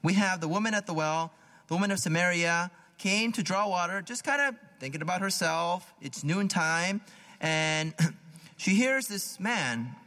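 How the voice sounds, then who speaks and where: Bright high man preaching in a hall. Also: lively intonation, measured pace. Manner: conversational, repeats words, asks the listeners "right?". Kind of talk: sermon. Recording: long hall reverb.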